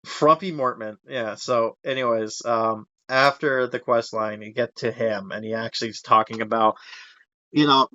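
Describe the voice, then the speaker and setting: Bright-voiced young man rambling casually. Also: medium pitch, normal speed, dry recording, dull audio. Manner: rambling, laughs often, acts out character voices. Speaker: podcast host. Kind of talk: casual podcast chat.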